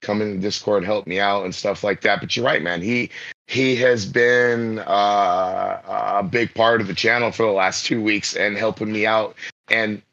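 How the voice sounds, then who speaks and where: A man's voice: fairly low pitch, steady tone, moderate pace, sharp tone, dull audio. A man chatting casually on a podcast about his stream, rambling and repeating himself, laughing easily. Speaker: streamer guest.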